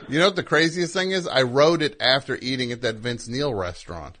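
A middle-aged man hosting a call-in show, joking with callers in a dry, deadpan way. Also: medium pitch, fairly quick. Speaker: host. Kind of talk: casual radio call-in hosting.

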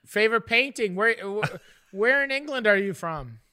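Brief: male podcast host, very high pitch, sharp bright tone, playful and profane. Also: lively intonation, moderate pace, clear, resonant tone. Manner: playful, teasing, swears freely. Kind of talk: rowdy casual banter.

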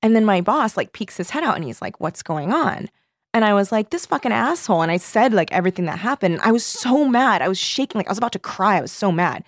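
A young woman co-hosting a podcast, telling a story in casual chat, animated and swearing freely. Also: medium pitch, fast, few pauses, dry recording, studio quality. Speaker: podcast co-host.

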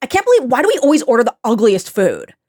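A woman's voice: fairly high pitch, huge pitch swings, fast talker, a little mellow, voice pushed up. A woman putting on an affected, trendy young woman who gushes in performative slang. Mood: gushing, whiny.

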